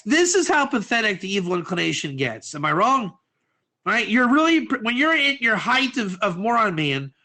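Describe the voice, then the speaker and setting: A man teaching a lively class, acting out little scenes and asking his listeners questions. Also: high-pitched, creaky. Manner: animated, acts out quotes, asks audience questions. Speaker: Torah teacher.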